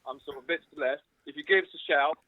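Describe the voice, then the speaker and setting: A man playing a rambling, impatient caller who gives muddled directions to his flat, as a prank over a tinny phone line. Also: fairly high pitch, normal speed, dry recording, lightly acted. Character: rambling fast-talking man ordering food from a flat. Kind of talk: comic prank phone call.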